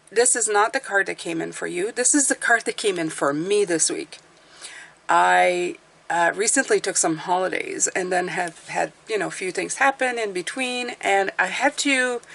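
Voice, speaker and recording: A woman's voice: medium pitch, moderate pace, gravelly, a bit bright. A woman tarot reader hosting her channel, talking in a casual, rambling, chatty way. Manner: rambling, talkative, self-deprecating.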